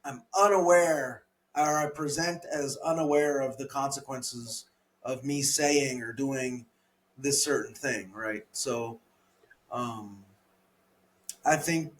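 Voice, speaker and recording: A man co-hosting a comedy podcast, workshopping his own jokes in casual chat and reading lines in an animated voice. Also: medium pitch, takes it slowly. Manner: reads joke lines in a raised, animated voice; laughs easily, thinks aloud.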